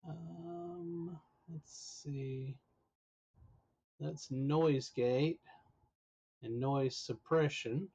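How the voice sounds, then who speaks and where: A man's voice: a little high, fairly even intonation, very slow, creaky, pauses often, mellow, slightly rough. A man live-streaming an online role-playing game, chatting casually and muttering as he troubleshoots his audio, his voice cracking now and then. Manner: muttering, troubleshooting aloud, mildly exasperated.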